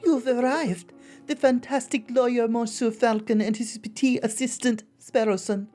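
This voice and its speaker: A woman voicing a pampered, polite young noblewoman who is a cat, in a high, sweet voice. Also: animated, measured pace, mellow, soft background music.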